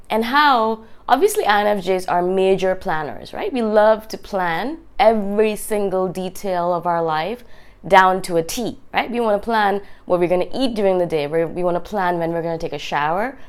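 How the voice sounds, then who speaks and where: A woman hosting her own channel, talking casually to camera in a voice made raspy and hoarse by a cold, chatty and often checking in with "right?". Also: on the low side. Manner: chatty, keeps asking "right?". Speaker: video host.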